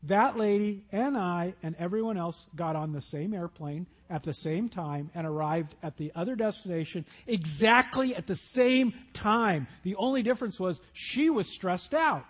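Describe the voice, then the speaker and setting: A man preaching with a high, somewhat husky voice. He tells stories and slips into character voices as he acts out Bible scenes for his congregation. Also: normal speed, hardly any pauses. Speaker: pastor. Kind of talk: sermon.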